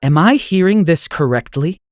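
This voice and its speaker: A man voicing a worried, stern mother in an animated story, sounding shocked and scolding. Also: fairly high pitch, moderate pace, natural voice.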